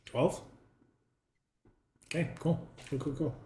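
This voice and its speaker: A man's voice: a little high, fairly even intonation, takes it slowly, darkish tone, roomy sound, slight background noise. Hesitant man running a tabletop game. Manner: hesitant, lots of ums and restarts while describing scenes. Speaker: dungeon master.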